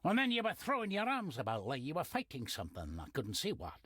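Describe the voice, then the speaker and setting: A man's voice: a little high, huge pitch swings, fast talker, a bit bright, no room sound, clean studio sound, heavily acted. An actor playing a cryptic, wary old Scottish man in a video game, with folksy dialect and ominous hints. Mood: puzzled. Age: older. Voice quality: gravelly, husky voice.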